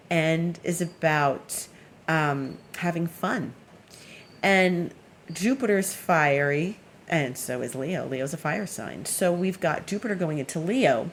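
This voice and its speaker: A woman's voice: low voice, a little hiss or hum. A woman astrologer giving a casual weekly forecast, chatty and meandering with plenty of fillers.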